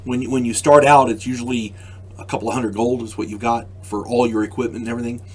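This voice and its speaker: An older man hosting his own channel, explaining a game rule to camera in a casual, halting way, often repeating words and adding wry asides. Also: medium pitch, fairly even intonation, slight background noise. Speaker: channel host.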